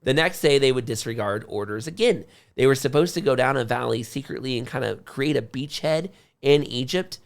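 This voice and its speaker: Gravelly-voiced man telling history casually. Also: mid-range voice, fairly quick. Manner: conversational, acts out quotes in a lively way. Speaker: podcast co-host. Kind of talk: casual storytelling about history.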